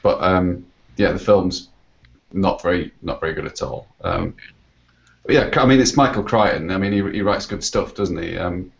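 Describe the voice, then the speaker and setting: Brief: low-voiced male guest writer, hesitant and casual, dull lo-fi line. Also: moderate pace, vocal fry. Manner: hesitant, many fillers. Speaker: guest co-host, author. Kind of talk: casual chat. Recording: dull lo-fi web call.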